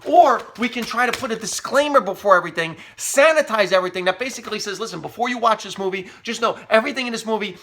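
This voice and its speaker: A man's voice: high voice, quick pace, few pauses, slight background noise. A middle-aged man delivering a sarcastic, humorous rant, often mocking people in quoted asides. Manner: sarcastic, animated, mock quotes. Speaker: commentator.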